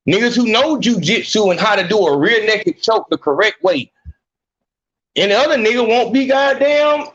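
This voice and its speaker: A man's voice: high-pitched, fairly bright tone, husky, highs cut off. A man hosting a podcast, ranting bluntly with heavy slang and swearing. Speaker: podcast host. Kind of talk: profane ranting commentary.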